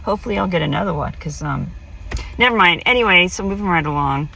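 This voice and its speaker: A woman's voice: fairly low pitch, lively intonation, fast talker, gravelly, sharp tone, distant mic, low-quality recording. A woman vlogger casually telling a personal story, rambling with many fillers and restarts. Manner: rambling, filler-heavy, self-interrupting.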